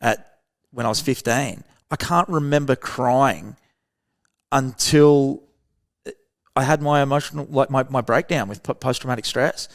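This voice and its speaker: A man's voice: mid-range voice, unhurried. An Australian man, a guest on a podcast, talking earnestly and acting out short exchanges of dialogue. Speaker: podcast guest, veteran program founder. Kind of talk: casual interview talk.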